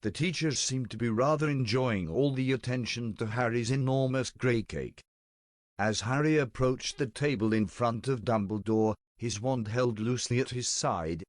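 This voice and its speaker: A man narrating a storybook-style tale in a steady, deadpan reading voice, close to the mic. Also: medium pitch, no echo.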